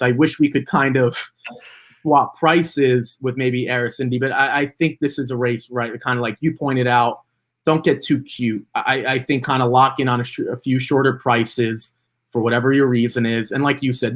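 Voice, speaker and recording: A man's voice: medium pitch, fairly bright tone. A man co-hosting a horse racing podcast, talking through his picks in a casual chat, with frequent fillers and restarts as he thinks aloud. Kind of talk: casual betting analysis chat.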